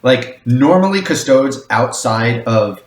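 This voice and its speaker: A man's voice: medium pitch, lively intonation, slow. A man co-hosting a podcast, plainly explaining background details in a casual chat. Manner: explains lore plainly, adds brief agreements. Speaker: podcast co-host. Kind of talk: casual book discussion. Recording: roomy echo.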